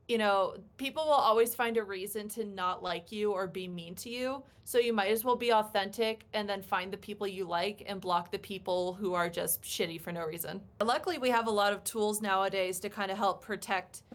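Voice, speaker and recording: A young adult woman, a cosplayer guest, answering interview questions casually and filling her speech with "like" and "um". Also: medium pitch. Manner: chatty, peppered with "like" and "um" fillers.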